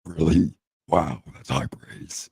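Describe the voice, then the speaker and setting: A man putting on a deep, gravelly, mocking male parody voice with a slow, exaggerated drawl. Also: darkish tone, dry recording, studio quality, exaggerated voice. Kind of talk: comic voice impressions on a podcast.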